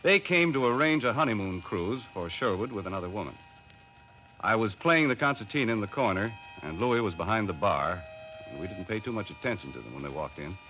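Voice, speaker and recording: A man's voice: fairly low pitch, expressive, a little fast, sharp tone, a little hiss or hum. An actor playing a laid-back boat captain who narrates his own story, in a 1950s radio drama with an old, dull broadcast sound. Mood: calm. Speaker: narrator and lead character.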